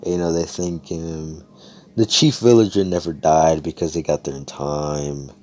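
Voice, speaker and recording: Young man, low voice, mellow tone, rambling profane storytelling, voice chat mic. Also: steady tone, measured pace. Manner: rambling, profane, acts out characters' lines. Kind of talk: casual improvised fan-fiction storytelling. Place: Discord voice chat. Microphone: headset or desk mic on voice call.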